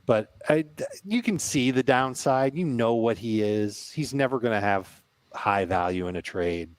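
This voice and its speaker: A man co-hosting a casual sports podcast, giving measured, decisive takes. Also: medium pitch, animated, no room sound. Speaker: podcast co-host.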